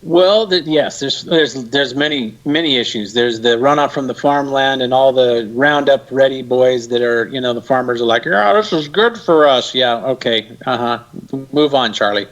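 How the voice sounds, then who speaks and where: Animated, sarcastic male guest. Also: medium pitch, moderate pace, highs cut off. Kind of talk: casual interview chat.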